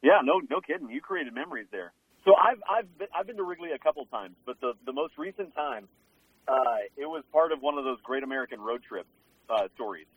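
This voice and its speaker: A man's voice: mid-range voice, expressive, a little fast, husky. A man hosting a casual chat, reacting briefly and then sharing his own story in an easygoing way. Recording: tinny phone-like line.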